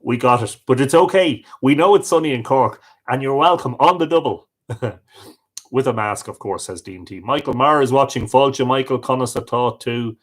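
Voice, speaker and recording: An Irish livestream host reads out viewers' chat comments, greeting each person by name and answering them in a friendly way. He speaks at normal speed in a mid-range voice.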